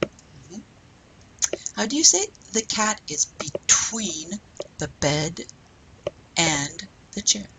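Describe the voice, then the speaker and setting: A woman teaching a French class, slowly modelling phrases and pronunciation for students to repeat. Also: lowish voice, big pitch swings, fairly bright tone, a little hiss or hum, rough recording. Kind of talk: classroom language lesson.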